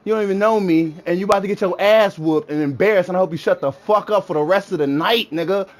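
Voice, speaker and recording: High-voiced young man trash-talking. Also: fast talker. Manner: taunting, mocking, repeats insults. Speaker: gamer. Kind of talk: trash talk over game voice chat.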